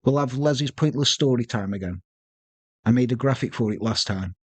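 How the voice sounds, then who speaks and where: A man co-hosting a podcast, telling a true-crime story with joking, deadpan asides. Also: mid-range voice, normal speed, slightly rough, no echo. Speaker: podcast co-host.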